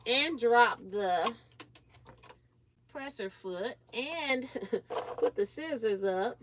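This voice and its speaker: A woman's voice: a little high, expressive, drawn-out words, background noise. A woman hosting a casual sewing livestream, chatting with viewers and laughing often. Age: grandmother age. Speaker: livestream host.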